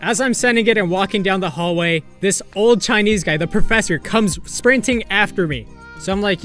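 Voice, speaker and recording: Young male YouTuber with a high voice, lively storyteller, faint music behind. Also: fairly quick. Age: young adult. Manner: animated, swearing, acts out quotes. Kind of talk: casual storytelling.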